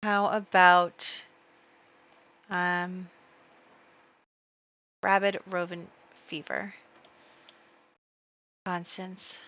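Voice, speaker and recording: A woman hosting a casual gameplay video, excitable and full of exclamations as she talks to her viewers. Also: fairly low pitch, drawn-out words, pauses often, dull audio. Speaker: let's play host.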